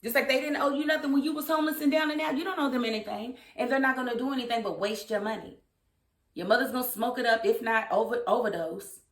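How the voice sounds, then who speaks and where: A woman's voice: fairly high pitch, fast. A woman recapping and reviewing a TV series in a casual, opinionated vlog, speaking animatedly and acting out the characters. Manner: animated, opinionated, quotes characters in funny voices. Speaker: TV show reviewer. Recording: roomy echo.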